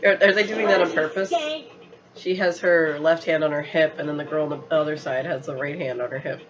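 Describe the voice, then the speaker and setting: A man's voice: on the high side, fairly even intonation, a little fast, fairly bright tone. A man chatting casually while his friend plays, teasing him, swearing and laughing often. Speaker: co-player and commentator. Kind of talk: casual banter. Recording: dull lo-fi audio with game music.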